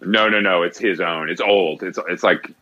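Low, bright-voiced laid-back man. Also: fairly even intonation, normal speed, muffled recording. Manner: laid-back, slangy, lots of fillers and restarts. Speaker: podcast co-host. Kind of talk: casual chat.

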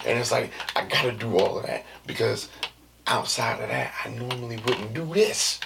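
A man's voice: mid-range voice, normal speed, creaky, recorded from a distance, background noise. A man in his thirties talking casually and loosely in slang, sometimes dropping to a whisper. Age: 30s. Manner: loose, slangy and animated, drops into whispers and jokey put-on voices. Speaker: vlogger. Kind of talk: casual monologue.

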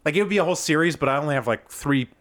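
Lively, animated male podcast co-host. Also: fairly high pitch, very fast. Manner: animated, laughs often, does goofy voices. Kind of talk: casual chat.

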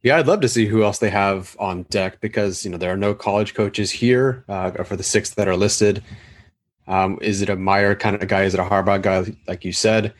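Deep-voiced, offhand man. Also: normal speed. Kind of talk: casual sports discussion.

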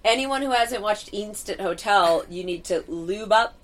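A woman's voice: medium pitch, unhurried. Female podcast co-host, brash and sweary, casual storytelling. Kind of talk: casual chat.

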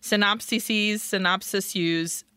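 A woman's voice: mid-range voice, fairly even intonation, slow, pushed and bright, smooth, no echo, studio quality. A woman co-hosting a podcast in casual chat, talkative, slipping into Spanish and swearing casually. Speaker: podcast co-host.

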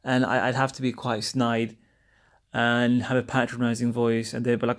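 A man's voice: mid-range voice, flat delivery, moderate pace. Chatty, wry man from England. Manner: chatty, wry, often acting out quoted exchanges. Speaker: podcast host. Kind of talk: casual monologue.

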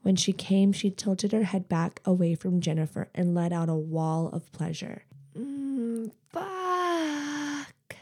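A woman podcast host reads an erotic story aloud. Her storytelling is steady and intimate. Her voice is low-pitched for a woman, with a dark, mellow tone. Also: moderate pace, few pauses.

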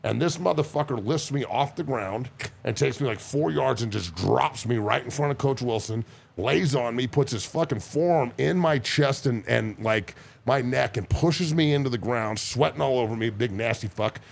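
A man's voice: mid-range voice, moderate pace, vocal fry, breathy edge. A man and former football player chatting on a podcast as a guest, telling rowdy, profane stories. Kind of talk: casual podcast chat.

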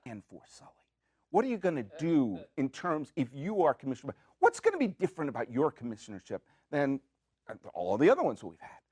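A man's voice: fairly high pitch, brisk, husky, no echo. A man hosting a podcast, delivering a comedic monologue with playful rants and questions he asks himself. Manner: animated, jokey, with playful rants and self-asked questions. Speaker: podcast host. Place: studio.

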